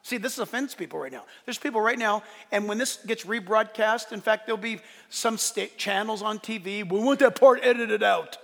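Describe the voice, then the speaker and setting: Man, pastor, animated sermon, high bright voice, long church-hall echo. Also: normal speed, few pauses. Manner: animated preaching, acts out quoted voices.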